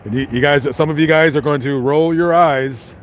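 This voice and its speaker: A vlogger walks around chatting casually to his live stream viewers and reading their chat. His voice is a little high and moves at a moderate pace, with slight background noise. He rambles, full of fillers and restarts.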